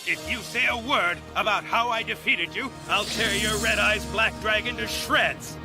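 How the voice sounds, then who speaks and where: A man's voice: high voice, normal speed. An actor playing a gloating, predatory male card hunter in a cartoon dub, with music under him. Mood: menacing. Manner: menacing, gloating. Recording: played over loud music.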